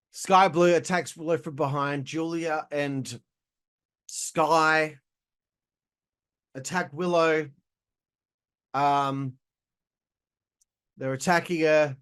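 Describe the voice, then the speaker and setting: A man's voice: a little high, fairly bright tone. A young man hosting a casual show, giving a blunt, exasperated review and swearing freely. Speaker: host reviewing wrestling shows.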